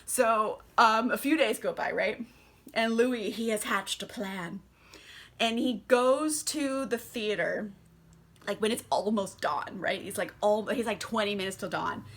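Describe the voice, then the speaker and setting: A tipsy woman giving a casual book recap, animated, swearing and laughing often. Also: mid-range voice, unhurried. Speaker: book reviewer.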